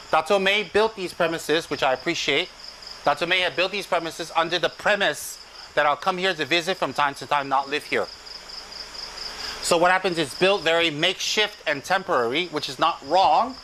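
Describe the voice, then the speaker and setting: A man's voice: on the high side, slight background noise, poor audio. A man, a Buddhist monk, talking casually to a group outdoors at a forest retreat, chatty and joking. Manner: chatty, joking, animated storytelling. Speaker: Buddhist monk, spiritual teacher. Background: crickets and insects.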